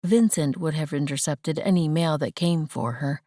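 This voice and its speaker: A woman narrating a romance audiobook in a measured, gentle storytelling manner, close to the mic. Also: deep voice, dry recording. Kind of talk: scripted narration.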